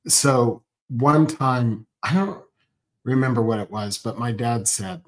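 A man co-hosting a casual show, reading viewer comments aloud and joking in an animated way. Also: mid-range voice, takes it slowly, poor audio. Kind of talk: casual chat.

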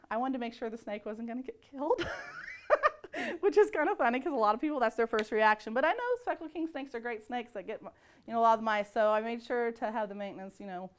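Smooth, slightly high-pitched woman. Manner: calm, matter-of-fact telling. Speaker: school staff member. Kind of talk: interview recollection.

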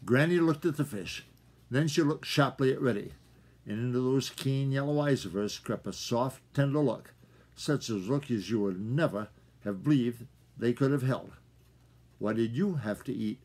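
Husky grandfather reading a storybook. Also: mid-range voice, moderate pace, darkish tone. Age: older. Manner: folksy, chatty asides to listeners. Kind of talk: reading a children's story aloud.

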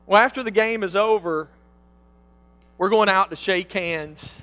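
A man preaching a sermon, telling a personal story with animated swings between loud bursts and hushed quotes. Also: high-pitched, unhurried, low-quality recording.

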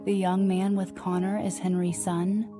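A woman's voice: lowish voice, level tone, measured pace, over music, natural voice. A woman reading the part of a worried middle-aged mother with a questioning manner. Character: anxious middle-aged mother, long asleep.

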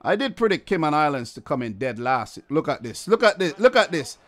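A man's voice: on the high side, sing-song, fairly quick, a bit bright. A man giving exasperated, repetitive live commentary while playing a football video game. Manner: exasperated ranting, repeats phrases. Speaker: gaming video creator.

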